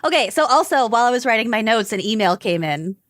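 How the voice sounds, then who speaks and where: A woman's voice: a little high, expressive, quick pace, fairly bright tone, no echo, studio quality. A woman co-hosting a podcast, chatty and giggly in casual conversation. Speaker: podcast co-host. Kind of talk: casual chat.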